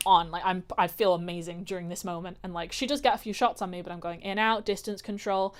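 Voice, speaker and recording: Chatty woman vlogger, rambling and quick. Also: fairly low pitch, fairly even intonation. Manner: rambling, many fillers and restarts. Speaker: vlogger and amateur fighter. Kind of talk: casual chat.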